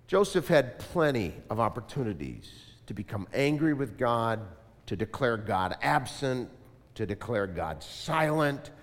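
A man preaching a sermon in an animated style, asking the congregation to repeat lines after him. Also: mid-range voice, measured pace, long reverb tail. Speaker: pastor.

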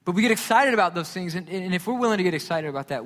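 A man preaching a sermon as a pastor, emphatic and repetitive, swinging from loud declarations to hushed tones. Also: high-pitched, fast talker, hardly any pauses. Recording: long hall reverb.

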